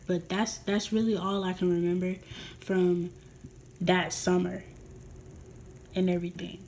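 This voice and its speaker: A woman's voice: mid-range voice, slight background noise. A young woman vlogger telling a personal story in a rambling, emotional way with many fillers.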